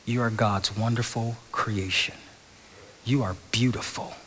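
Pastor preaching softly in a reverberant hall. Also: male voice, on the low side, steady tone, unhurried, slight background noise. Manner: conversational, repeats words, drops to a whisper on key phrases. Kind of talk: sermon.

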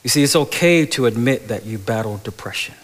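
A middle-aged male pastor preaching a sermon, moving between loud animated stretches and soft, hushed passages, in a church sanctuary. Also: mid-range voice, fairly quick. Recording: large hall with long reverb.

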